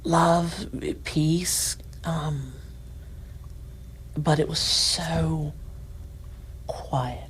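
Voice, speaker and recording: A middle-aged woman guest on a podcast, telling a deeply personal story in a soft voice that sometimes sinks to near-whispers. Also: unhurried, slight background noise, poor audio. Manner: soft-spoken, drops to near-whispers at tender moments.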